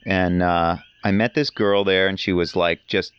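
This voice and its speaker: A man's voice: sits low, steady tone, normal speed, a bit bright, lo-fi sound, slight background noise. A man talking as a podcast guest in casual conversation, telling rambling, enthusiastic stories.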